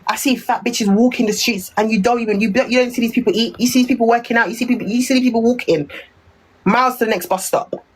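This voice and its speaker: A woman's voice: a little high, fairly even intonation, fast talker, husky, low-quality recording. A woman with a Jamaican accent ranting on a phone live stream, repeating insults in a heated, cutting manner.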